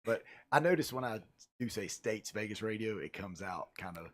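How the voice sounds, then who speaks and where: A middle-aged man hosting a casual radio show, with a naturally gruff voice, chatty and joking and often tripping over his words. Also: fairly low pitch, expressive, normal speed, no room sound. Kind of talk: casual talk radio chat.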